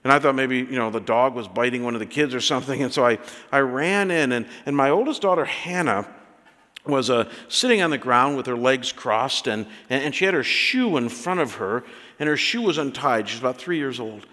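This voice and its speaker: Animated man preaching in a reverberant hall. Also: mid-range voice, a little fast. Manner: animated storytelling with many restarts. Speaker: pastor. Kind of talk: sermon.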